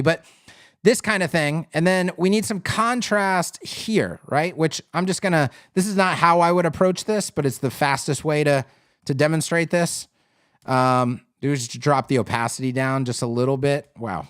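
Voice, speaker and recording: A man's voice: on the high side, no echo, studio quality. A man hosting a live web design critique, talking casually and thinking aloud with fillers and restarts.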